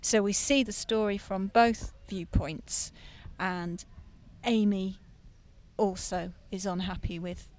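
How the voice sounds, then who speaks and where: A woman's voice: mid-range voice, steady tone, slow pace, darkish tone. A woman author guest on a podcast, explaining her ideas with enthusiasm in casual chat.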